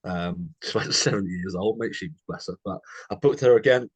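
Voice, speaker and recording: A man's voice: sits low, moderate pace, no room sound. A young English man co-hosting a podcast, chatting casually, calling his friend mate constantly and telling anecdotes. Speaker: podcast co-host. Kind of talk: casual chat.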